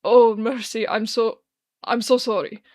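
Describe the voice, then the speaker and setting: A woman's voice: on the high side, steady tone, measured pace, a little mellow, no room sound, clean studio sound, lightly acted. A woman voicing a drunken, grieving man who slurs, stammers and weeps through his words. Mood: sobbing. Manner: slurred, tearful, stammering.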